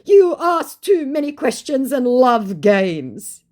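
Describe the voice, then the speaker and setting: A pushy scammer man, blunt and clumsy in his phrasing, as a woman reads him out. The voice sits a little higher than her usual tone and moves slowly through his short demands. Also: very animated, darkish tone, heavily acted.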